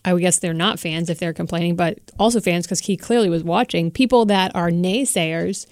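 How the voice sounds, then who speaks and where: A woman's voice: on the low side, brisk, darkish tone, no echo, studio quality. A woman co-hosting a podcast who asks curious, playful questions in casual chat. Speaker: co-host.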